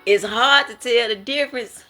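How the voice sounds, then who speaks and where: A woman's voice: a little high, normal speed, bright, forceful tone, soft background music. A woman sharing her prophetic dreams in a casual spoken monologue, emphatic and slangy, often laughing and exclaiming.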